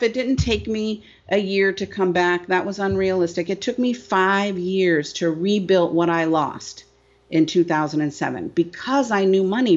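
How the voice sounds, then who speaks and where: A middle-aged woman business coach telling her story emphatically in an interview, often asking "right?". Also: medium pitch. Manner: emphatic, repeats phrases, asks "right?" often. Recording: dull lo-fi sound.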